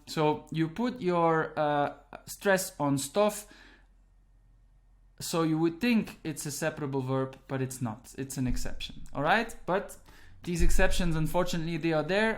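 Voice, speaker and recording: A man gives an online grammar lesson in a slightly high voice. He explains patiently, one step at a time. He keeps checking in with the viewer with a quick "right?" or "okay". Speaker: Dutch language teacher.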